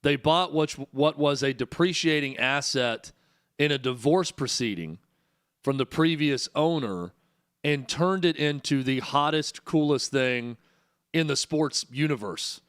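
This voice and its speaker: A man hosting a sports talk show, chatting in a measured, conversational way with dry teasing of his co-host. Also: a little high, a bit bright, clean tone.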